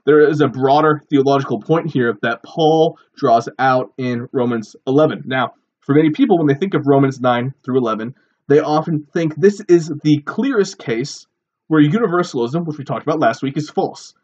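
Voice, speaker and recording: A man's voice: fairly high pitch, normal speed, a little mellow, muffled recording. A man giving a sermon-style Bible teaching, explaining earnestly and posing rhetorical questions. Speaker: preacher.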